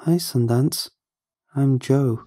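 Nervous, hesitant young boy, as a male narrator puts him on, husky tone, storybook horror. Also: mid-range voice, slow, dark tone, soft background music, voice pushed up.

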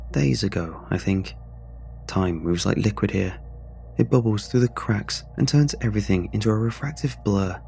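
A man narrating a scripted horror story in a measured, brooding way, with drawn-out pauses. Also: fairly low pitch, creaky, a little mellow, slight background noise. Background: faint music.

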